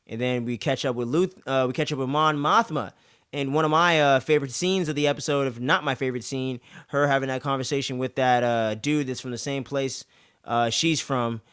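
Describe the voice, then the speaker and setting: A young podcast host recaps an episode in loose, profane, casual talk, stuffing his sentences with "man" and "uh" and acting out characters' lines in exaggerated voices. His voice is medium-pitched, fairly quick and a little bright, recorded cleanly in a studio with no echo.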